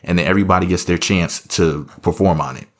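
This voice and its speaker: A man's voice: sits low, fast talker. A man giving casual reaction commentary, rambling and sarcastic, full of offhand asides.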